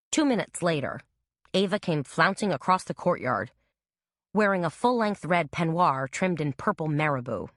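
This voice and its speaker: A woman reads a mystery audiobook in an even, measured way. Her voice is low and the sound is dry and close, with no room around it. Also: no echo. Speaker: narrator. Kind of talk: audiobook narration.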